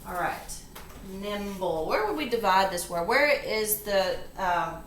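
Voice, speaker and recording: A woman's animated, slightly bright voice at medium pitch delivers a phonics lesson, going through the steps slowly and patiently. The recording picks up a little hiss or hum, plus faint ambience in an echoey classroom.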